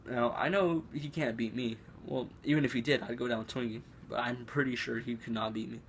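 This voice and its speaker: A man's voice: mid-range voice, fairly even intonation, a little fast, slight background noise. A teenage boy telling a school story to camera in a casual, rambling way, with lots of fillers and restarts. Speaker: vlogger. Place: room at home.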